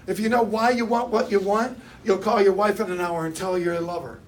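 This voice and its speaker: In a dealership meeting room, a man gives car salespeople a motivational talk in punchy lines, rallying them into call-and-response. His high-pitched voice is brisk with fairly even intonation, heard through a distant mic with slight hiss or hum.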